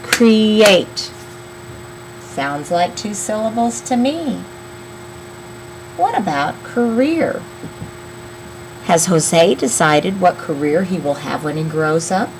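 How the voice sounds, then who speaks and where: A woman teaching young children a phonics lesson, slowly sounding out words and counting syllables. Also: on the low side, animated, noisy background. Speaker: elementary school teacher.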